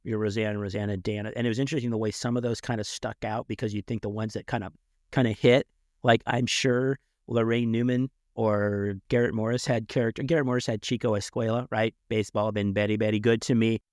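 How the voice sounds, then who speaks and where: A man's voice: mid-range voice, fairly even intonation, fairly quick, no room sound, clean studio sound. A middle-aged man co-hosting a podcast, reflecting aloud with rhetorical questions in casual chat. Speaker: podcast co-host.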